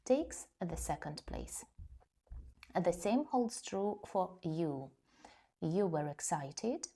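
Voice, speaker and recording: A woman teaching an English grammar lesson, explaining slowly and carefully and reading example sentences. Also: fairly low pitch, warm tone, husky.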